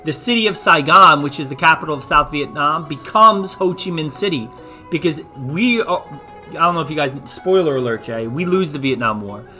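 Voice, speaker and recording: A man's voice: on the high side, animated, moderate pace, pushed and bright, soft background music. A man, a teacher, giving a loose, joking virtual history lesson with many restarts. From United States.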